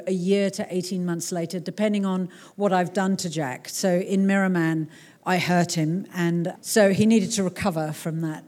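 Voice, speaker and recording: A middle-aged woman author giving a live talk to an audience, telling a story in an animated way and laughing often. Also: medium pitch. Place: cultural centre hall before a crowd.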